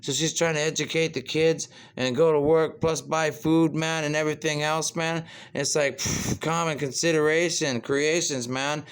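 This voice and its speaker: Rambling man with a smooth voice. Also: on the high side, level tone, normal speed. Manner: rambling, ends phrases with "man", puffs and sighs. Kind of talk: rambling monologue.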